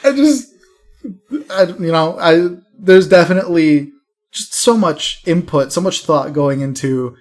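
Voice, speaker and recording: A man's voice: fairly high pitch, slow, a little mellow. A man co-hosting a casual podcast, explaining an internet prank in a wry, laughing way. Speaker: podcast co-host. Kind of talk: casual chat.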